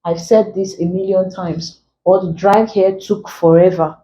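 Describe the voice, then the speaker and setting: Slow-explaining woman teacher, dull sound. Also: fairly low pitch, steady tone, dark tone, slight background noise. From Nigeria. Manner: explains slowly, repeats key phrases, frequent "like" fillers. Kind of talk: exam-prep lesson.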